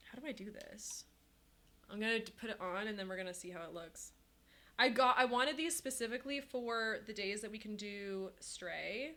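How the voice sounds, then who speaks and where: A woman live streaming to chat, talking casually and excitably, laughing often and swinging between giddy and teary. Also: on the high side. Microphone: headset.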